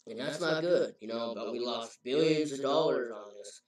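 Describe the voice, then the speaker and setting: This game reviewer talks at normal speed with few pauses in a mid-range voice, casually going over a story's plot. He rambles and keeps correcting himself, and the very echoey recording places him far from the mic.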